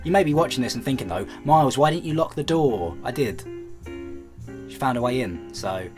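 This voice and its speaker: A man's voice: medium pitch, lively intonation, fairly quick, music in the background. Rambling British man telling a comic story. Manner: rambling, self-deprecating, many false starts. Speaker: vlogger.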